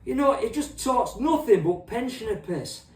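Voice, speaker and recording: A man's voice: extremely high pitch, expressive, normal speed, darkish tone, far from the mic. A middle-aged man ranting in a rambling, crude and sweary way as host of a comic monologue. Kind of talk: profane comic rant. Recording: echoey room, off-mic.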